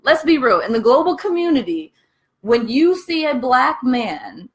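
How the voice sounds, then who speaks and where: A young woman from the United States chats into her camera in a casual vlog. Her voice sits somewhat high, and she tells her story with blunt, profane energy. She talks as she eats. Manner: candid, profane, animated storytelling; talks while eating. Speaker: vlogger.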